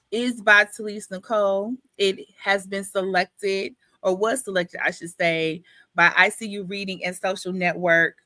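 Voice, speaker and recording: A woman's voice: medium pitch, pushed and bright, dry recording. A woman with a New York accent hosting a live book club interview, playful and teasing, full of slang. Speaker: host.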